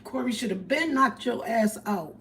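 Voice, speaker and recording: A woman with tells a story on her livestream in an animated, profane way. Her voice sits a little high, and she acts out each person she quotes. Faint background noise hums under her. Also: normal speed. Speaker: livestream host. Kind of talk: casual storytelling.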